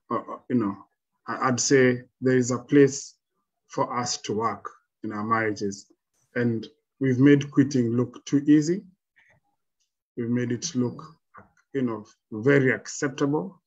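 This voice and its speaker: A man of middle pitch gives reflective advice as a panel guest. He speaks in a measured, halting way and often restarts his sentences. The audio sounds dull and lo-fi. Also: husky.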